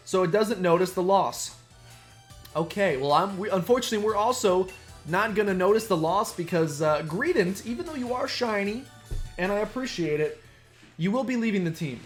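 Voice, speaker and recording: A man giving casual, playful commentary while playing a video game, chatting and muttering asides. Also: sits high. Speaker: let's play streamer. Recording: faint game music behind.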